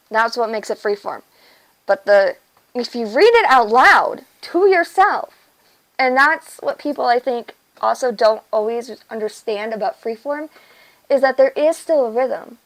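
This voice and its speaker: Woman host, somewhat high pitch, chatty and teacherly, casual talk. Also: low-quality recording. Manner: chatty, teacherly, asks "all right?". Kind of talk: casual talk about poetry.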